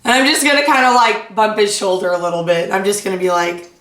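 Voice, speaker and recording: A woman's voice: mid-range voice, expressive, fast talker, a bit bright. Rambling woman player at a tabletop game. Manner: rambling, hesitant, full of fillers. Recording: roomy, distant mic.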